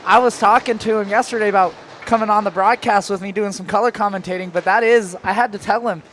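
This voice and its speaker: A man's voice: high voice, fairly even intonation, quick pace, fairly bright tone, slight background noise. A man calling play-by-play for an amateur hockey game, chatting loosely between plays and snapping into shot calls. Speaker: play-by-play announcer.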